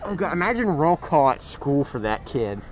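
A man's voice: a little high, big pitch swings, normal speed. A man hosting a podcast, chatting casually in a jokey, rambling way and laughing often. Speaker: podcast host. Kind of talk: casual chat.

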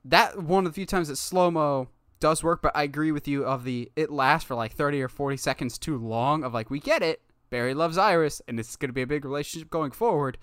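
A man with a bright, forceful voice chats casually about a film he has just watched. He is animated and breaks into quick impressions of the characters' lines. The sound is dry and close, with no room echo. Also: fairly high pitch, smooth. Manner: animated, acts out quotes from scenes. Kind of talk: casual movie review chat.

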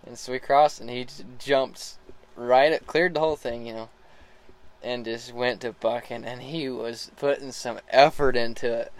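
A relaxed man spins a casual story about working a young horse. His voice sits at an ordinary middle pitch, and he chuckles now and then and trips over his own sentences. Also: normal speed, low-quality recording. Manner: relaxed, laughs often, restarts sentences. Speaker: horse rider starting a young colt.

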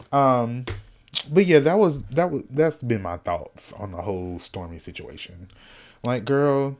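Solo podcast host, male, sassy and loose, cusses freely, snacks on mic, mid-range voice. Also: medium pitch. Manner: sassy, animated, cussing, talks to himself; snacking while talking. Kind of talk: casual solo podcast chat.

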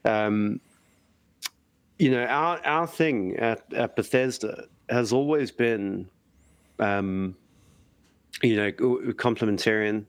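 A man's voice: on the low side, slow pace, long pauses, smooth, no echo. A man, a preacher, chatting casually and thinking aloud with frequent restarts and self-deprecation. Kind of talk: casual podcast chat.

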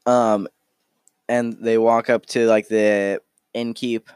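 Slow, rambling man narrating a game. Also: on the low side, flat delivery, darkish tone, clear, resonant tone, no room sound, studio quality. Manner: rambling, full of fillers. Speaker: game master.

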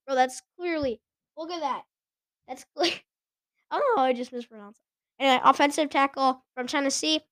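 Woman host, high voice, casual and giggly, often fumbles words, dry close sound. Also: dry recording. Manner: chatty, giggly, stumbles over names. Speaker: podcast host. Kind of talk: casual sports chat.

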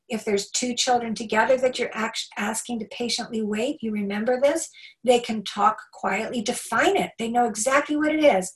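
A woman giving a live talk to parents, animated and emphatic, acting out little quoted remarks. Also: mid-range voice, far from the mic, rough recording. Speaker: homeschool workshop speaker.

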